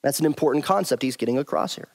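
A man's voice: mid-range voice, expressive, rapid-fire. A man teaching through a Bible passage verse by verse, stressing and repeating his key points emphatically.

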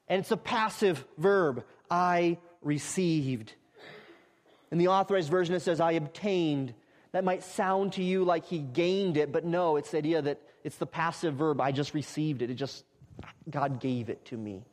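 A man preaching an expository sermon, emphatic, repeating phrases and building to loud climaxes. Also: fairly high pitch, moderate pace, in a large hall.

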